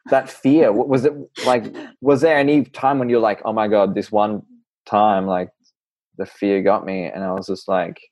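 Very deep-voiced hesitant host. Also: male voice, fairly even intonation, unhurried, darkish tone, no room sound. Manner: hesitant, searching for words. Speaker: podcast host. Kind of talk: casual interview questions.

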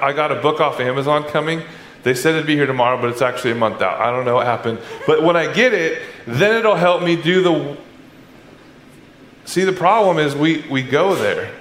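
A man preaching a sermon as pastor, animated, acting out the voices of his listeners. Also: a little high. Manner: animated, acts out congregants' voices. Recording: echoey church hall, faint background noise.

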